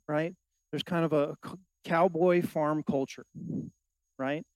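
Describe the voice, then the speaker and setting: A man preaching a sermon, asking the congregation questions and swinging between loud exhortation and quiet asides. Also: high voice, no room sound, low-quality recording. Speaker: pastor.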